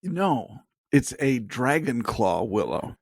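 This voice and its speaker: Podcast co-host: man, middle pitch, jokey and laughing, dry close sound. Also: big pitch swings, slow pace, gravelly, slightly rough, dry recording. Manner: jokey, laughs often, stumbles and restarts. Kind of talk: casual chat.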